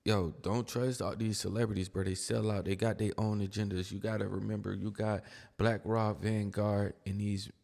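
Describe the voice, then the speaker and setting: A man's voice: lowish voice, little pitch movement, normal speed, vocal fry, a little mellow, in a large hall. A man giving casual reaction commentary in a blunt, slangy, exasperated manner.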